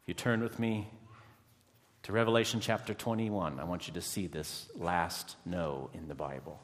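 A man preaching a sermon, swinging dramatically between hushed, quiet lines and impassioned, raised ones. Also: low-pitched, fairly even intonation, normal speed, long reverb tail.

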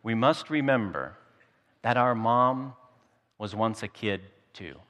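A man's voice: lowish voice, lively intonation, slow pace, pushed and bright, lo-fi sound. A man pastor delivering a sermon in a storytelling, humorous way, often repeating his words as he goes. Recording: long hall reverb.

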